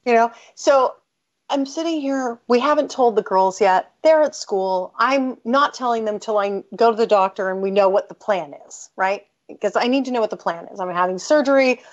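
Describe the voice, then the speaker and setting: A slightly high-pitched woman talks at a normal speed, telling a personal story as a guest in an interview. She is a middle-aged American author, frank and forceful, who keeps breaking off and restarting what she's saying. The sound quality is dull and lo-fi.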